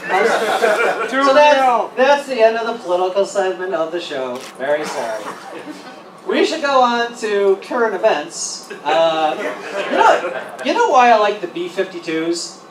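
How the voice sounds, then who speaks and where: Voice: medium pitch, very animated, unhurried, over a noisy crowd. A stand-up comedian doing a set, rambling and profane, often breaking into laughter. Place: event hall at a convention. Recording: roomy, distant, with noisy ambience.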